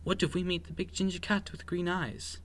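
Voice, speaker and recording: A man voicing a tiny timid young male mouse who cries out in squeaky panic. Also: steady tone, a little fast, natural voice. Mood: worried.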